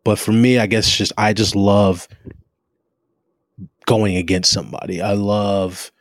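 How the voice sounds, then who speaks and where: A man's voice: fairly low pitch, fairly even intonation, no room sound, clean studio sound. A man co-hosting a casual gaming chat, talking with eager emphasis and frequent restarts. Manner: enthusiastic, drawn-out emphasis, many restarts. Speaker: podcast co-host. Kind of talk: casual chat about video games.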